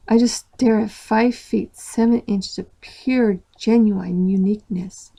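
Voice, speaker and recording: A woman narrates a story aloud in the first person, giving expressive weight to each line. Her voice is of middle pitch. She reads at an even storytelling pace. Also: moderate pace, vocal fry.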